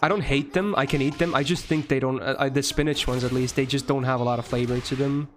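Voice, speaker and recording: A young male streamer talks casually to his viewers as he plays a game. His delivery is loose and rambling, and he swears freely. His voice sits at an ordinary middle pitch for a man. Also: steady tone, fast, faint music behind. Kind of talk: casual chat answering viewers while playing a game.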